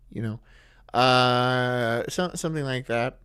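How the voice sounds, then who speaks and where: Male stream host, rambling crude banter, animated pitch, dry voice. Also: measured pace, dry recording. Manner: rambling, laughing at his own jokes, loud bursts.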